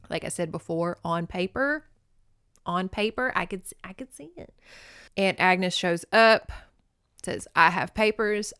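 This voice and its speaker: A woman hosting a podcast, recapping a movie in an animated, emotional, casual way with some swearing. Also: on the low side, clear, resonant tone, no echo, clean studio sound. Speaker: podcast host.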